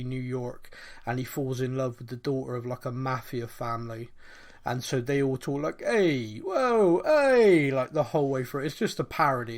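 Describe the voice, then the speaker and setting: A man hosting a casual podcast chat, talking quickly and loosely, often laughing and slipping into playful impressions. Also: mid-range voice. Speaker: podcast host.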